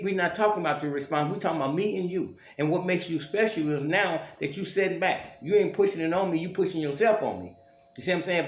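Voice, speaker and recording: A man giving preachy relationship advice straight to viewers in a casual monologue, often checking "you see what I'm saying". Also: a little high. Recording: echoey room.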